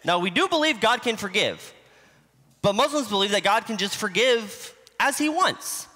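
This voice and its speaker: High, lively-voiced man preaching. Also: normal speed. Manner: conversational teaching with homespun examples. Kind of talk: sermon. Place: church sanctuary. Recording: livestream in a reverberant church hall.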